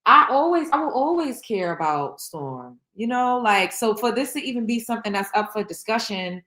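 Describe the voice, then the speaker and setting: A woman's voice: a little high, animated, normal speed, a bit bright. Blunt, emotional woman vlogging candidly. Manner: emotional, blunt, swears freely; rambling, many restarts and fillers. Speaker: show host. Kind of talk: candid reaction vlog.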